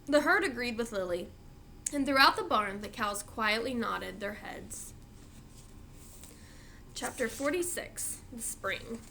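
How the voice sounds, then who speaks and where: A woman reading a children's novel aloud in an expressive, animated storytelling manner. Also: fairly high pitch, takes it slowly, creaky, pauses often, slight background noise. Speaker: reader.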